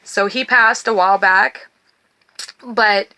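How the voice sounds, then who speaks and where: A middle-aged woman hosts a spiritual card reading, her voice bright and clear. She talks to viewers in an earnest, personal way and reads blessings in a slow, gentle cadence. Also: medium pitch, fairly even intonation. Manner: reads blessings slowly, then talks warmly and emotionally to viewers. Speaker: tarot and oracle card reader.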